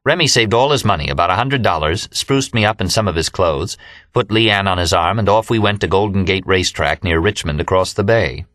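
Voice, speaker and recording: A man narrates an audiobook in a steady, measured storytelling style. His voice sits low, and the scripted narration is a dry, studio-quality recording.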